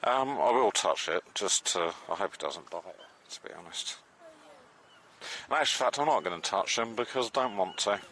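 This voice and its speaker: Lively low-voiced man streaming outdoors. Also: normal speed, a little hiss or hum. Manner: chatty, excitable, drops to hushed tones. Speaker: live streamer. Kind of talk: casual live-stream chat. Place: outdoors on a beach at low tide.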